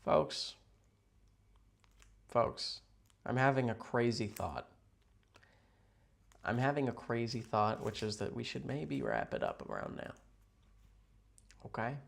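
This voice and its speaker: A man chatting casually with viewers on a livestream from a hotel room, rambling, playful and sarcastic, jumping between loud outbursts and mutters. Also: medium pitch, sing-song, slow, gravelly, long pauses. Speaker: livestream host.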